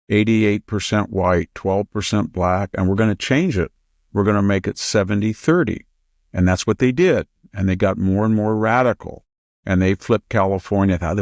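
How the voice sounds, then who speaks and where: A man's voice: fairly low pitch, gravelly, darkish tone, no room sound, clean studio sound. An American man in his seventies, a historian hosting a political talk show, speaking emphatically and mocking others with raised quoted voices. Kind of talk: political commentary conversation.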